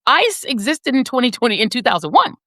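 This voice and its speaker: Woman in her 50s, fiery sardonic commentary, wide swooping pitch, dry close sound. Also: sing-song, a little fast, a bit bright, dry recording. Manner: emphatic, sardonic, swings between high and low. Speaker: panel guest. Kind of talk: impassioned political commentary.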